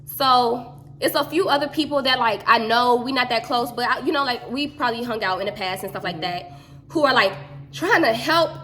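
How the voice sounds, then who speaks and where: A woman telling a story in a casual chat, animated and slangy. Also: a little high, brisk, slight background noise.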